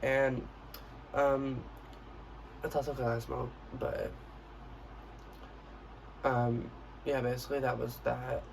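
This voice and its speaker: A brash young man tells a profane storytime in a loose, casual vlog voice. His voice is gravelly with a mid pitch, and he sits a little back from the mic over faint room noise. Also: little pitch movement, slow pace, pauses often, distant mic, poor audio. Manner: brash, profane, acts out quotes of himself. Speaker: vlogger.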